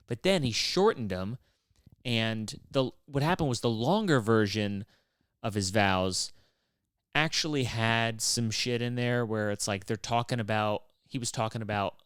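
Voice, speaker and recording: Smooth-voiced man rambling on a podcast. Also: mid-range voice, fairly bright tone, dry recording, clean studio sound. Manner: loose and profane, with many fillers and restarts; wry and exasperated. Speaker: podcast host. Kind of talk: casual rambling monologue.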